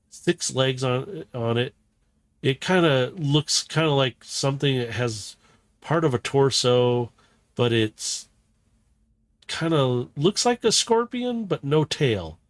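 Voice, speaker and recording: A man narrating a tabletop role-playing game as game master, in slow, halting description with many fillers. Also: medium pitch, no room sound.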